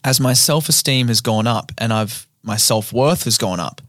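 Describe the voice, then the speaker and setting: A man's voice: mid-range voice, normal speed, fairly bright tone, dry recording. A man, co-hosting a podcast as a comedian, talking candidly and rambling, swearing freely into a close studio mic. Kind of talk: casual chat.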